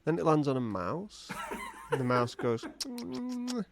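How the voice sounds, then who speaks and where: Animated comic storyteller, a man. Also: mid-range voice, unhurried, background noise. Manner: animated, silly, acts out voices. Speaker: podcast co-host.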